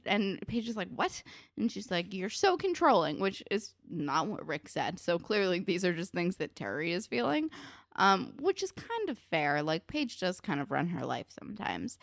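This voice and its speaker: Lively-voiced young woman ranting about a show. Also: on the low side, no room sound, studio quality. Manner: exasperated, opinionated commentary with sarcasm. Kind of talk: casual chat reacting to a show.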